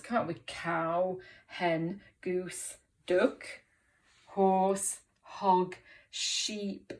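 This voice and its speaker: A woman teaching a reading lesson to young children, encouraging and clear, making animal noises along the way. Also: medium pitch. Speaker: primary school teacher.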